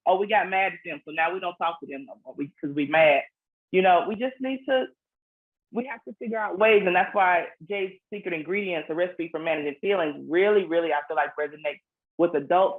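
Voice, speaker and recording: A woman, a children's book author, explaining things earnestly in a casual interview, often restarting her phrases. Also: fairly low pitch. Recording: phone-like narrow sound.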